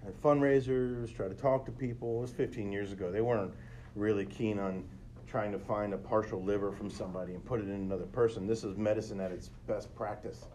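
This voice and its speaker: A man's voice: fairly low pitch, steady tone, fairly quick, mellow, slight background noise. A middle-aged man hosting a podcast, telling a personal story in an earnest, conversational way and speaking straight to his listeners. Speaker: podcast host.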